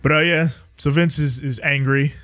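A man's voice: a little high, steady tone, moderate pace, fairly bright tone, no room sound. A young adult man co-hosting a podcast, recounting events in casual chat. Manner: recounting events with loose acted quotes. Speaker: podcast co-host.

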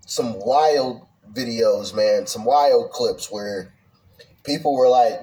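Guy talking slow and halting, kinda far from the mic, voice bounces up and down a lot. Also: on the low side, dark tone. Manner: halting, hesitant, repeats words. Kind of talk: casual podcast chat.

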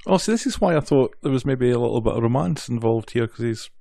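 A woman co-hosting a podcast, chatty, filling in episode details and gently correcting her co-host. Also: rumbling low, animated, quick pace, gravelly, no room sound, clean studio sound. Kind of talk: casual episode recap chat.

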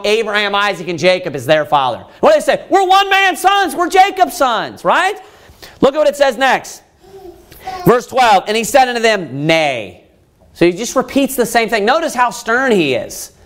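Guy preaching, high voice that jumps all over, keeps asking questions, gets loud on the quotes. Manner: emphatic, rhetorical questions, voices pleading characters. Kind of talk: sermon with scripture reading.

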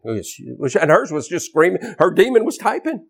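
Fiery high-voiced preacher with a twang. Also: male voice, expressive, a little fast, few pauses. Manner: forceful, preaching with shouted bursts and emphatic repetition. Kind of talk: fiery deliverance sermon.

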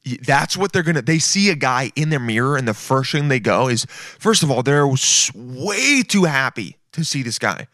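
A man's voice: mid-range voice, sing-song, normal speed, a bit bright, dry recording, studio quality. A young man hosting a casual comedy podcast, crude and mocking, often slipping into silly voices. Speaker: podcast host.

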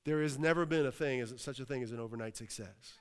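A man's voice: medium pitch, fast talker, clean tone. Preaching man in a reverberant hall. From Western Pennsylvania. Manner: exclaims hallelujah, asks the crowd. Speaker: pastor. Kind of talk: sermon.

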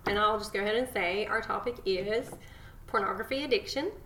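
Earnest woman cohost on a faith podcast, mid pitch, roomy echo around her. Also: brisk, a little hiss or hum. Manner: earnest, affectionate, warm praise of guests. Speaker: podcast co-host. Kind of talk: casual faith podcast chat.

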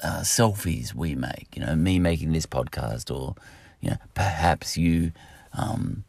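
A man's voice: very deep voice, measured pace, vocal fry, darkish tone, slightly rough, no echo. A man with an Australian accent, rambling through a solo podcast monologue, full of fillers and asides. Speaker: podcast host.

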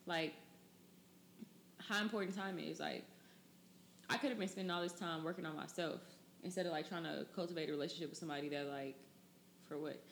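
Young woman podcast host, casual, filler-heavy, lower register. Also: fairly quick, gravelly, long pauses, slight background noise. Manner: loose, chatty, many fillers. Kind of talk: casual chat.

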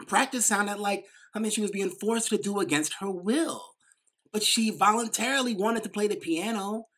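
Quick-talking woman with a New York accent. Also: medium pitch, a bit bright. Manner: quick, emphatic, many "like" fillers. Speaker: speaker. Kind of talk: motivational talk.

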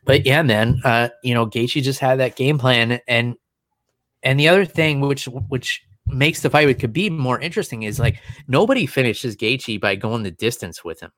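Casting note: casual man, mid-pitched, rambling fight analyst, dry close mic. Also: a bit bright, dry recording. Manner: fast, rambling, many restarts and fillers. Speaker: MMA analyst guest. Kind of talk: casual podcast chat.

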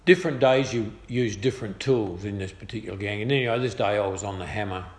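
A man's voice: fairly low pitch, fast talker. Australian man telling a story in an echoey room. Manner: chatty, good-humoured, lively voiced quotes. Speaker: speaker sharing a personal testimony. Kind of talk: casual storytelling. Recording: echoey room with faint ambience.

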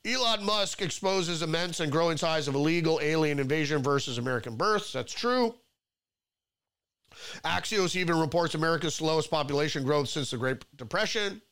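Male solo commentary host, slightly high pitch, reads headlines and riffs on them in a rambling way with mocking outbursts. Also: normal speed, a bit bright, clean tone.

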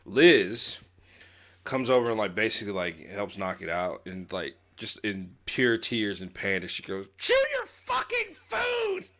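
A man chatting casually in a film review, telling stories in a slangy, animated way. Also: deep voice, a little slow. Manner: animated storyteller, slangy, laughs at own tales. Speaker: podcast co-host.

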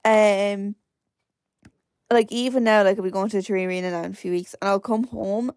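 A woman's voice: mid-range voice, steady tone, normal speed, darkish tone, dry recording, clean studio sound. A nineteen-year-old Irish woman hosting her own podcast, rambling casually with lots of fillers. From Ireland. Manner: rambling, chatty, many "like" fillers. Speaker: podcast host. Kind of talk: casual solo podcast chat.

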